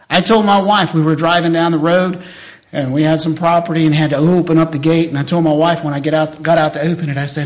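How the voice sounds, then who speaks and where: An older man preaching a sermon as pastor, swinging between shouted lines and soft, hushed storytelling. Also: fairly high pitch, brisk.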